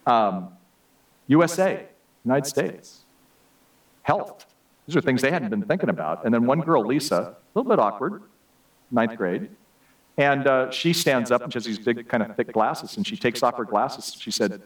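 A man's voice: mid-range voice, lively intonation, moderate pace, long pauses, recorded from a distance, rough recording. A man giving a sermon, telling humorous, self-deprecating personal stories. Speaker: speaker giving a message.

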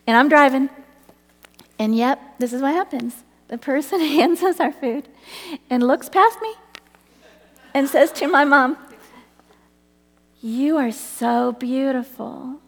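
A woman's voice: sits high, unhurried, long pauses, in a large hall. A middle-aged woman telling a personal faith story, earnest and often breaking into laughter.

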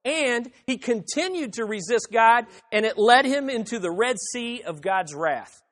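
A man's voice: very high voice, animated, measured pace, a bit bright. A man preaching an expository sermon, emphatic, repeating phrases and acting out the objections he quotes. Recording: reverberant hall.

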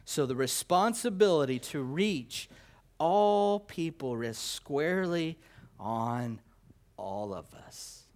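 Guy preaching real slow n deliberate, gets loud and emphatic then drops quiet, repeats himself a lot. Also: lively intonation. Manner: swings from loud emphatic declarations to low quiet asides; slow, deliberate delivery with repetition and stammered restarts. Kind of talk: sermon.

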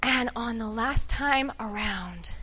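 A woman leading a playful, animated sermon, directing her audience through a Bible story and doing sound effects. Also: fairly high pitch, takes it slowly, husky, dull audio. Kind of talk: lively sermon with audience participation.

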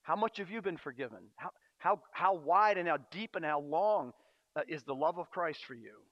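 A man preaching a sermon as a pastor, earnest and storytelling, often pausing on fillers. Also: on the high side, expressive, no room sound. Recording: dry, dull lo-fi sound.

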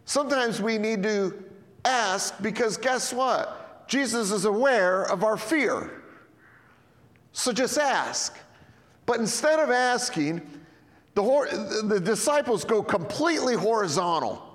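A male pastor preaching a sermon in a church hall, animated and swinging between loud and hushed. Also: high-pitched, measured pace. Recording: echoey hall with long reverb.

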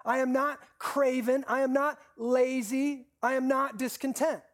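A pastor preaching a sermon with repeated, stressed phrases, slowing down on key lines and asking the congregation questions. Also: high voice, fairly even intonation.

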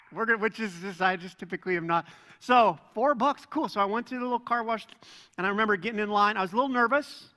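A man preaching a sermon as pastor, telling stories in a relaxed, joking way. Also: high voice. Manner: conversational, self-deprecating storytelling. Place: church sanctuary. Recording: long hall reverb.

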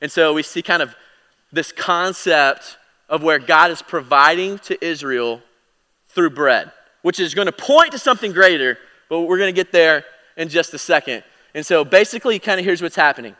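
A man's voice: fairly high pitch, lively intonation, normal speed, long reverb tail. Emphatic man preaching a Bible lesson. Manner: conversational, with fillers and self-corrections; emphatic, swinging louder and quieter. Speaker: Bible teacher. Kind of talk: sermon teaching.

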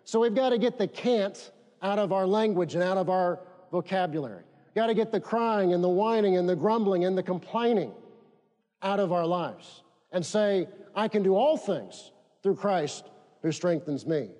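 A man's voice: high voice, animated, moderate pace, dark tone. Preaching man in a reverberant hall. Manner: emphatic, leads congregation in call-and-response. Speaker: pastor. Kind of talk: sermon.

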